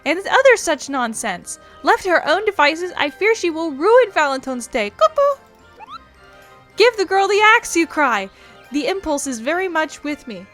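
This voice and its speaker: A fussy little moogle courier pipes up in a high, bright voice, as a woman puts him on, harried and grumbling in stiff, old-fashioned phrases. He sounds overworked and put upon, like a small creature in a fantasy game. Faint game music plays behind him. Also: very animated, normal speed, exaggerated voice. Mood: fussy exasperated. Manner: flustered, grumbling, formal.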